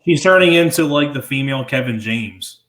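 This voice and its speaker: A man's voice: mid-range voice, lively intonation, moderate pace, fairly bright tone. A man chatting casually about movies as a podcast co-host, rambling, repeating words and swearing now and then. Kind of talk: casual movie review chat. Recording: roomy echo.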